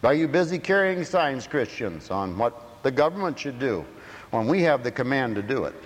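A man preaching a sermon emphatically, dropping to quiet asides and rising to shouts. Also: medium pitch, very animated, normal speed. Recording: echoey hall.

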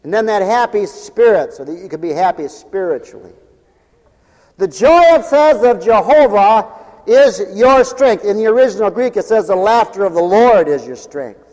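A man preaching a revival sermon with fervent, rhythmic repetition, interjecting hallelujahs and swinging from ringing exclamations to low muttered asides. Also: expressive, moderate pace, a little mellow. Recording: long hall reverb.

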